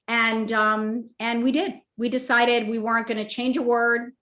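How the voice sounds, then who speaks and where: A woman in her fifties, an author telling a personal story in an emotional, animated way at a virtual interview event, acting out the voices in her story. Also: on the high side, moderate pace, hardly any pauses. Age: 50s. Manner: animated, emotional, acts out quoted dialogue. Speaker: author and toy company co-founder. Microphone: video call.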